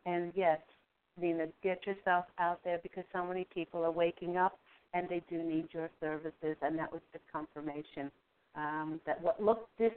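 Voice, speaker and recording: A woman hosting a spiritual call-in radio show, talking to callers in a gentle, affirming way. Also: lowish voice, clear, resonant tone. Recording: tinny phone-line sound.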